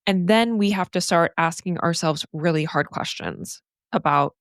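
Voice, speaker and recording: A woman's voice: on the low side, normal speed, no echo. Earnest woman podcaster, dry close sound. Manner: earnest, candid, animated, casual swearing and laughs. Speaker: podcast host and therapist coach. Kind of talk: solo podcast monologue.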